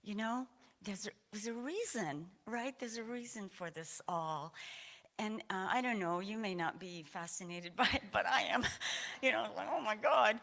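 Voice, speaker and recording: Woman from Maine, mid-pitched, giving an informal church testimony; rambling, lots of fillers, moved. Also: normal speed, bright, forceful tone. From Maine, USA. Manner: rambling, many fillers and restarts, laughs often. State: emotional, a little teary. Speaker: congregant sharing a personal story. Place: church sanctuary.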